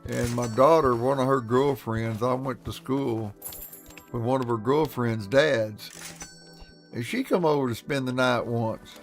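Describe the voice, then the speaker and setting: A man's voice: mid-range voice, steady tone, unhurried, soft background music. A man telling folksy stories on a live stream, laughing often and acting out what people said. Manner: folksy, laughs often, acts out his quotes. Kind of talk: casual storytelling on a live stream.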